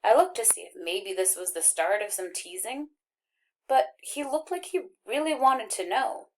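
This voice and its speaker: A woman reading a first-person novel aloud as an audiobook narrator, with expressive, wry storytelling. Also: medium pitch, normal speed.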